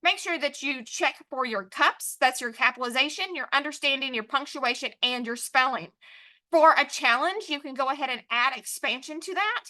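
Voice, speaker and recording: A woman teaching an online spelling lesson, dictating words and syllables in a slow, drawn-out way over a computer mic. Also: high-pitched, sharp tone.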